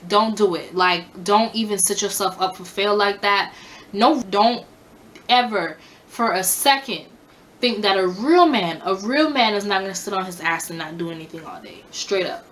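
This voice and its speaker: A young woman in her twenties talks straight to her viewers in a storytime vlog. Her voice sits at a medium pitch. She is blunt and salty, and she hammers each piece of advice home by saying it again. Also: moderate pace, fairly bright tone. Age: 20s. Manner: blunt, profane, repeats advice for emphasis. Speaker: storytime vlogger. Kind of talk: casual storytime monologue.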